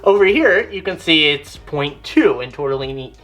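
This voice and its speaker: A woman's voice: low voice, animated, moderate pace, fairly bright tone. A woman hosting her own channel, casually demonstrating and thinking aloud as she goes, often correcting herself. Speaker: reptile keeper and channel host.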